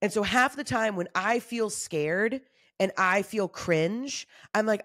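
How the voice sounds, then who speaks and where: A woman in her thirties hosting a motivational solo talk, candid, casual and animated, often saying y'all. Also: mid-range voice, slow pace, no room sound, clean studio sound. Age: 30s. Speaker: podcast host.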